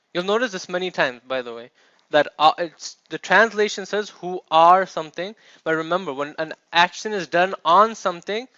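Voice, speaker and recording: Guy teaching a class, kinda high voice, keeps checking everyone follows, muffled dry recording. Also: pushed and bright, no echo. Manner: explains step by step, checks with "okay?" and "right?". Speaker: Arabic teacher. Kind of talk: classroom lecture.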